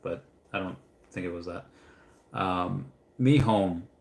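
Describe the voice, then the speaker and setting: A man's voice: deep voice, takes it slowly, gravelly, a little mellow. A man hosting a casual livestream, reading out viewer comments and drifting into stories, with frequent stammered restarts. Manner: reads out chat messages, then rambles into anecdotes. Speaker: livestream host answering viewer questions.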